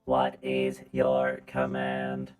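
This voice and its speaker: A game master putting on a rigid, literal-minded robot escort from a tabletop game, with an extremely deep voice. He speaks in clipped, dead-level robot phrases at a slow, unhurried pace. Faint music plays underneath. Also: exaggerated voice. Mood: deadpan. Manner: flat, clipped robotic delivery.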